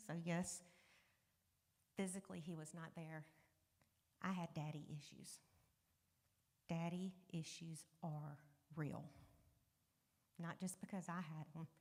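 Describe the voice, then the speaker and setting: A woman giving a candid personal testimony to a church congregation, talking conversationally and dropping to near-whispers at painful moments. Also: fairly low pitch. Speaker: guest speaker sharing a testimony. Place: church sanctuary. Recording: long reverb of a church hall.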